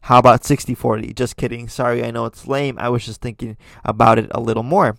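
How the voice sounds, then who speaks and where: A man's voice: medium pitch, level tone, fast, creaky, a bit bright, no room sound. A man talking casually into a close microphone, reading out posts and adding his own blunt opinions. His voice sits in a middle register and the sound is dry, with no room around it. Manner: chatty, many fillers and restarts, opinionated asides. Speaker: podcast host. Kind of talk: casual commentary reading tweets.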